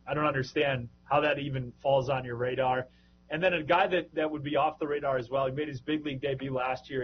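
A man co-hosts a casual podcast in a slightly high voice, joking and rambling through his stories. The sound is dull and lo-fi, with a faint hiss under it. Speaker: podcast co-host, minor league broadcaster.

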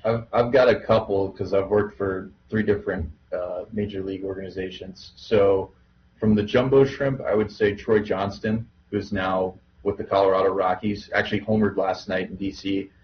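Easygoing low-voiced podcast man. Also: fairly even intonation, normal speed, dull audio, a little hiss or hum. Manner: easygoing, filler-heavy. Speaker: podcast co-host, minor league broadcaster. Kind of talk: casual podcast chat.

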